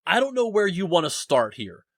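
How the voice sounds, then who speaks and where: A man's voice: sits high, sing-song, normal speed, no echo. Young male podcast host, rambling and self-deprecating, dry close sound. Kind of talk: casual podcast chat. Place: home basement.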